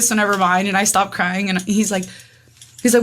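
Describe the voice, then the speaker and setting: A woman in her twenties telling her own story in casual chat, rapid and animated, acting out what everyone said with lots of "like". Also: on the high side. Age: 20s. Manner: rapid, animated, acts out dialogue with frequent "like". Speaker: guest.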